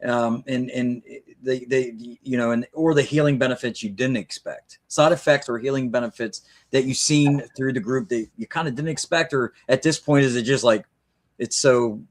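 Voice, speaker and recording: A middle-aged man hosts a live chat over a video call. He talks with eager enthusiasm, restarting his questions and circling back as he goes, in a voice of ordinary middle pitch. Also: normal speed. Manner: enthusiastic, rambling, many restarts. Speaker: livestream host. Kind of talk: casual interview chat.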